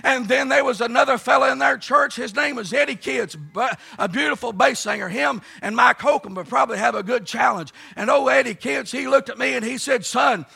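A middle-aged man preaching a fervent, folksy revival sermon at a camp meeting, often shouting and telling homespun stories. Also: very high-pitched, fairly quick, creaky, hardly any pauses, slightly rough. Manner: fervent, folksy storytelling with frequent "uh" and "let me tell you something".

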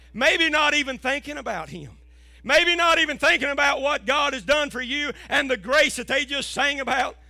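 High, gravelly preacher man. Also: no echo. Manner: impassioned preaching, rising to shouts. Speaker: pastor. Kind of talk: sermon.

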